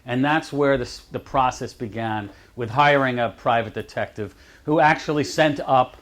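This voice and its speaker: Speaking at a normal pace with a slightly bright, medium-pitched tone, a male advocate shares anecdotes at a college lecture. The talk is chatty storytelling in a lecture room, and he often laughs at what he says.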